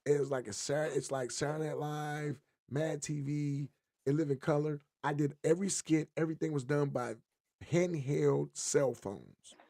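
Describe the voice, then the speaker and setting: A man's voice: fairly high pitch, moderate pace. A man co-hosting a podcast, chatting casually and telling jokey stories with lots of energy. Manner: animated, joking storyteller. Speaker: podcast co-host. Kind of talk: casual chat.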